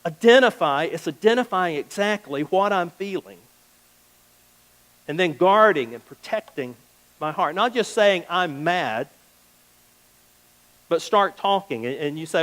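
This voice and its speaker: A man's voice: a little high, unhurried, pauses often, fairly bright tone, low-quality recording. A male pastor giving a sermon in a conversational way, acting out little everyday exchanges as he goes. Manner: conversational preaching, acts out little quoted exchanges. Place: church.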